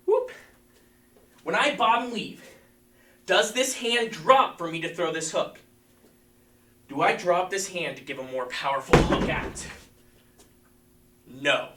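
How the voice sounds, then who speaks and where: A man's voice: high voice, bright, forceful tone. A man teaching a live-streamed martial arts class, coaching energetically and calling out counts. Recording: echoey room, mic at a distance.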